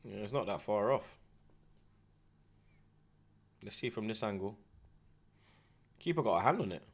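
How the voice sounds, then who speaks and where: A man, hosting a live football watchalong, chatting in heavy street slang with the viewers and shouting at big chances. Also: on the low side, lively intonation, a little slow, husky.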